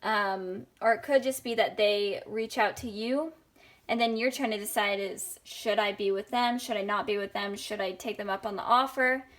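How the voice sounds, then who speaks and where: A young woman giving a casual tarot reading, talking in a rambling, chatty way with many pauses and fillers. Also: mid-range voice, fairly bright tone. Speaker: tarot reader.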